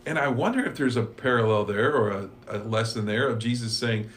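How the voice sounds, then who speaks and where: A man's voice: mid-range voice, a little fast, slight background noise. A man teaching a church Bible class, talking conversationally and reading scripture and quotes aloud. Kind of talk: casual Bible study discussion.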